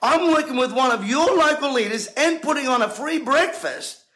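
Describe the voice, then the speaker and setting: A man's voice: extremely high pitch, expressive, moderate pace, fairly bright tone, rough recording. A man, a preacher talking straight to camera in an emphatic, combative way, firing off rhetorical questions. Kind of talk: indignant monologue to camera.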